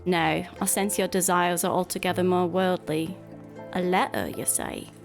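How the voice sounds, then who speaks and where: A woman's voice: fairly low pitch, steady tone, normal speed, creaky, music in the background. A woman voicing a smug, scheming male guildmaster in a game, with a put-on accent and a grand, formal delivery.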